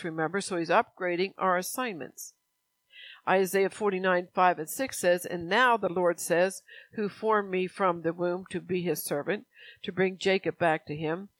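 A woman's voice: fairly low pitch, no echo, rough recording. Woman preaching a conversational sermon. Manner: conversational preaching with scripture reading and anecdotes.

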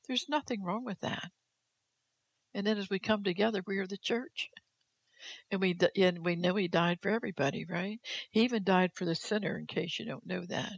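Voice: mid-range voice, normal speed, vocal fry. A preacher delivering a sermon, speaking straight to the listeners and repeating phrases for emphasis.

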